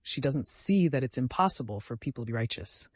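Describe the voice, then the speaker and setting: A man's voice: medium pitch, lively intonation, brisk, breathy edge, dry recording. A man voicing a timid, devout young woman who speaks in an earnest, pleading, distressed way.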